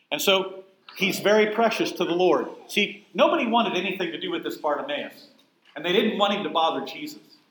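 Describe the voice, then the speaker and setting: A man's voice: a little high, a bit bright, roomy sound, rough recording. A man teaching a Bible class in a conversational, emphatic way, often putting questions to his listeners. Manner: emphatic, asks the room questions.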